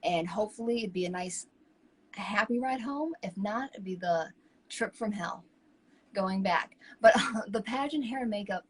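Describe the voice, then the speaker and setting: A woman co-hosting a talk show, telling stories in a lively, chatty way. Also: medium pitch, normal speed, breathy edge, rough recording. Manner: animated, chatty, acts out quoted people. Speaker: co-host. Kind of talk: casual chat, personal storytelling.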